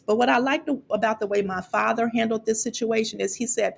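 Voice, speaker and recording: A woman's voice: fairly high pitch, fairly even intonation, brisk, gravelly, slight background noise. A middle-aged woman from Chicago candidly recounting her college years, getting emotional and repeating words as she talks. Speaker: college financial aid vlogger. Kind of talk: personal storytelling to camera.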